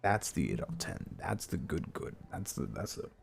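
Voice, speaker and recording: A man streamer ranting casually and heatedly with lots of swearing, jumping into high silly voices to mimic people. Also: sing-song, moderate pace, vocal fry, faint music behind. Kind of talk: casual rant on a live stream.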